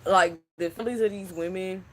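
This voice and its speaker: A man in his twenties giving an unscripted psychic reading, speaking slowly in a hushed, halting and emotional way. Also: high-pitched, steady tone. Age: 20s. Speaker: psychic channel host. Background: crickets and insects.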